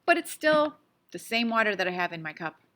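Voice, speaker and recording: A woman's voice: mid-range voice, big pitch swings, brisk, bright, forceful tone. A woman teaching a casual science lesson on video, playful and chatty, asking lots of questions and sometimes talking with her mouth full. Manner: talks with her mouth full while eating.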